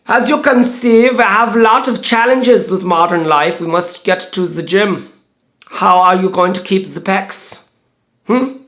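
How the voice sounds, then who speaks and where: A man's voice: sits high, a little slow, a bit bright, voice pushed up. A man putting on a stiff mock-German bag maker. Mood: earnest. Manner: stiff, formal phrasing. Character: earnest German man, gym-minded bag designer.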